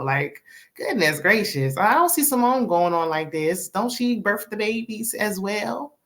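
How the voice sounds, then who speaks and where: A woman's voice: lowish voice, lively intonation, a little slow. A woman recapping a reality show in a casual, sassy way, laughing often and tossing in "okay?" and "honey". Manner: laughs often while talking.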